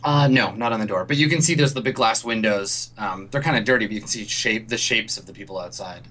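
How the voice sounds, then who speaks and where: A man's voice: lowish voice, fast, sharp tone. A man narrating as game master, hesitant, with many ums and restarts.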